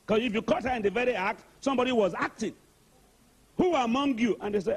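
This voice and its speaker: A man's voice: very high voice, lively intonation, fast talker, breathy edge. A man with a Nigerian accent preaching an emphatic sermon and calling for responses from the congregation. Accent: Nigerian English. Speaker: archbishop, preacher.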